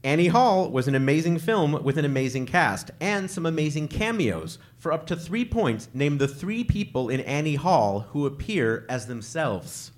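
Jovial male game show host, slightly high and very animated, faint noise. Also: moderate pace, few pauses. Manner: jovial, teasing.

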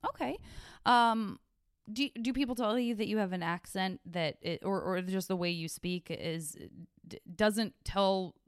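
Casting: woman podcast host, chatty and self-interrupting, smooth clear voice. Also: medium pitch, a little slow, no echo, studio quality. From Arizona. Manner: rambling, self-interrupting, playful. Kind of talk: casual interview chat.

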